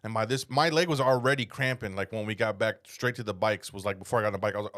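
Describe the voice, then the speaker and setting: A young man hosting a comedy podcast races through a rambling, profane story in casual chat, with few pauses in his lowish voice. He breaks into loud, shouted impressions.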